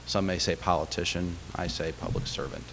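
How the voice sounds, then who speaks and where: A man with a deep voice addresses a college crowd from a chapel lectern, chatty and self-deprecating, with plenty of uhs. His words ring out in a long hall reverb, and a faint background hum sits underneath. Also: fairly even intonation, a little fast. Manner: conversational storytelling with fillers and self-deprecating humor. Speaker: state official giving a chapel talk. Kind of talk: speech to a college audience.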